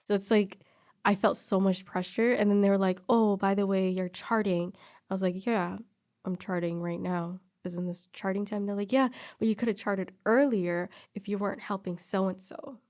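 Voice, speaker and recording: A woman's voice: mid-range voice, moderate pace. A young woman telling a personal story in casual chat, acting out the people she quotes. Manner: animated storyteller who acts out quoted people.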